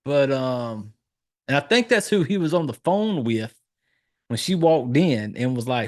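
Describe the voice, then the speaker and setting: A man talking loosely and profanely about a film, his voice at an ordinary middle pitch. He keeps jumping up in pitch to act out lines from the movie. It sounds like casual podcast chat with a married guy. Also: animated, normal speed, a little mellow. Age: adult, married. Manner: loose, profane storytelling, acting out lines in a raised voice. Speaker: podcast host reviewing a horror film.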